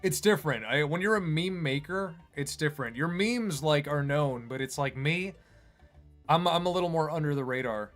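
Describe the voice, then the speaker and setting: A man's voice: on the high side, normal speed, faint music behind. A man who animates online, chatting casually on a livestream in a rambling, self-deprecating way. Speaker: streamer and animator.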